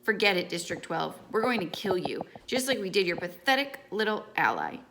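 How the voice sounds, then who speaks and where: A woman voicing a cruel, taunting teenage girl fighter in an audiobook reading, with mocking, drawn-out taunts. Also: mid-range voice, big pitch swings, background noise.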